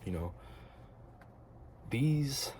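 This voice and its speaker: A man's voice: mid-range voice, animated, drawn-out words, a little mellow, slight background noise. A young American man giving an earnest, rambling spiritual monologue to camera, casual and slangy with lots of filler words. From United States. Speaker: vlogger.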